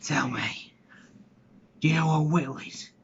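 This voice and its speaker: A man's voice: a little high, measured pace. A young man performing a menacing, threatening man in a Cockney accent for an acting showreel. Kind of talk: acted showreel monologue. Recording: dull lo-fi clip, faint background noise.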